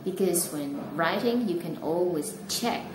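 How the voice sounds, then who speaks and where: A woman who speaks English with an Indonesian accent gives a relaxed, chatty video lesson on learning English, laughing at herself now and then. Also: on the low side, measured pace. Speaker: English teacher. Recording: echoey room with clear background noise.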